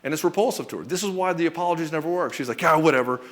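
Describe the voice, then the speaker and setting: A man's voice: on the high side, animated. Blunt, profane male relationship coach. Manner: blunt and profane, acts out quick mock dialogues between husband and wife. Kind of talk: direct-to-camera coaching talk.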